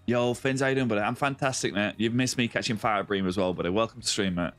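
Chatty streamer man, low voice. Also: fast talker, fairly bright tone, soft background music. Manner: chatty, greets viewers by name, calls them mate and buddy. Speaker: game streamer. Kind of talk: casual live-stream chat.

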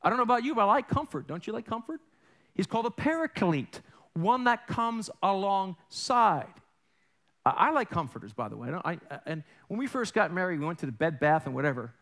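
An animated male pastor delivers a sermon from a church platform. His voice sits high for a man and leaps all over the place, swinging between hushed asides and bright bursts. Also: a little fast. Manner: animated, acts out family voices in quotes. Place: church sanctuary.

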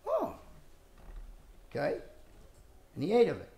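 A man preaching a sermon, emphatic and full of rhetorical questions, moving between loud stresses and quiet asides. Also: high voice, expressive, a little slow, pauses often.

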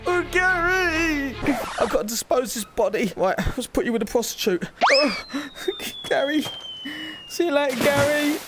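A woman's voice: high voice, normal speed. A woman streaming VR gameplay on a headset, rattling off crude, sweary banter aimed at game characters. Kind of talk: chaotic gameplay commentary. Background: loud background music.

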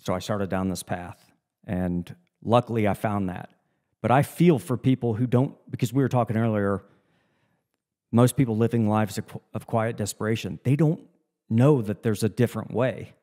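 Low, mellow-voiced man talking mindset. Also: moderate pace. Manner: earnest, reflective, motivational. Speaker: podcast co-host. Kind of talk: casual podcast chat.

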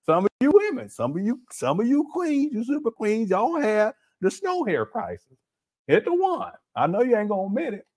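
A man's voice: high-pitched, huge pitch swings, moderate pace, darkish tone. A man hosting a casual livestream, reading the chat aloud, laughing often and using slang as he calls his viewers family.

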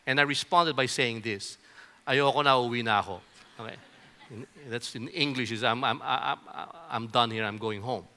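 A man's voice: mid-range voice, normal speed, pushed and bright. A middle-aged male pastor preaching a sermon and telling a personal story in a conversational way, often restarting with repeated words. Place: church auditorium.

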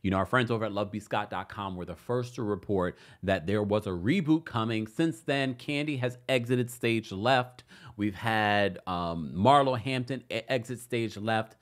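A man's voice: lowish voice, normal speed. A man hosting a celebrity gossip show, chatting casually with playful shade. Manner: chatty, animated, playfully shady. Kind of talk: casual commentary.

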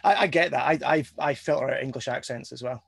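A man's voice: medium pitch, fast talker, creaky, fairly bright tone, husky, dry recording. A Scottish man co-hosting a casual chat, joking and steering the talk, often stumbling on his first words. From Scotland. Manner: jokey, steers the talk, stammers on starts. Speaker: co-host of a collectors' chat show. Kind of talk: casual video-call chat.

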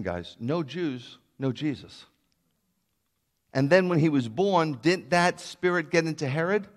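A man preaching as a rabbi, emphatic and building to loud declarations. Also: fairly high pitch. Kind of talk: sermon.

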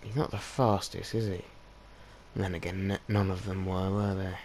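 Gaming host: guy, low and a bit gravelly, chatty let's-play narration that keeps talking to his pets. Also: level tone, normal speed, a little mellow, slight background noise. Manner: chatty, coaxes his in-game pets along. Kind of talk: casual let's-play commentary.

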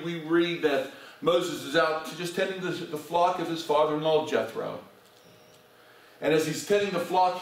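Man preaching in an echoey church. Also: a little high. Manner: preaching with rhetorical questions to the congregation. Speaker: pastor. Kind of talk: sermon. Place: church sanctuary. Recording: very echoey church recording from far off.

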